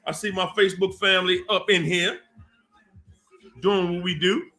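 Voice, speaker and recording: A man hosting a casual livestream, slowly reading out names from the chat with warm laughs. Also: high voice, steady tone. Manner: slow, drawn-out shout-outs with laughs. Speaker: livestream host.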